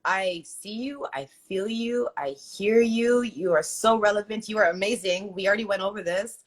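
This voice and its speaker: A woman speaking as a guest singer in a casual livestream interview, soft and affirming with many fillers, talking into a phone she holds in her hand. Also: medium pitch, normal speed. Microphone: phone held in hand.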